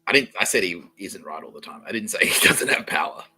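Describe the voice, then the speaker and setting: A man's voice: low-pitched, animated, quick pace, pushed and bright, slightly rough, soft background music, rough recording. An Australian man hosting a podcast, talking alone in a rambling, profane, repetitive way. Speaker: podcast host. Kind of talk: rambling solo monologue.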